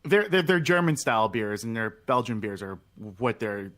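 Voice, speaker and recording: A man's voice: mid-range voice, sing-song, normal speed, fairly bright tone. Storytelling man with a Philly accent. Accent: Philadelphia. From Philadelphia. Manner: rambling storyteller, acts out quotes, many restarts. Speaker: podcast co-host. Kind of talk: casual chat.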